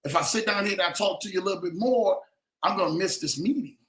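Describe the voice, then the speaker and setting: A man hosting a casual livestream show, telling stories and giving advice in an animated way, often checking in with his listeners. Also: high-pitched, quick pace, roomy sound. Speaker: show host.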